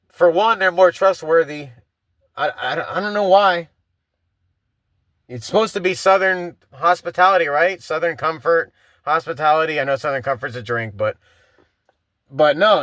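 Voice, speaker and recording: A man in his thirties hosts a solo podcast in a loose, rambling way, full of "you know" and restarts, and swears freely. His voice is bright and sits a little high for a man. The recording is dry and close, with no room sound. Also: no echo. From Florida. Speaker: podcast host. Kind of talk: casual solo podcast chat.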